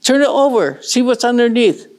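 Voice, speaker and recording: A woman's voice: a little high, animated, normal speed, darkish tone, pitched above the performer's own voice, close to an everyday voice. A woman doing a playful big brother. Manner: cheerful, coaxing. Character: playful boy, big brother leading the game.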